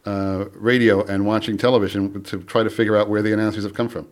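A man's voice: fairly low pitch, little pitch movement, fast talker. A man appearing as a guest on a radio talk show, answering callers in a hesitant way with many fillers. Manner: hesitant, full of fillers, chuckles often. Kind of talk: call-in radio conversation.

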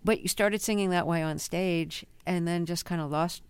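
Deep smooth lady interviewing on radio, calm curious questions, dry mic. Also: no room sound. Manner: measured, warm-curious questioning. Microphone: studio microphone.

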